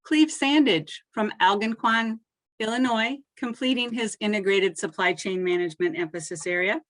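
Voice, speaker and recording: A woman reads graduate names at a virtual ceremony in a formal, measured voice. Each name rises a little, and each line settles down at its close. Her pitch sits in an ordinary middle range. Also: fairly bright tone. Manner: measured, lifts each name then drops at the end. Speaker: presenter reading graduate names.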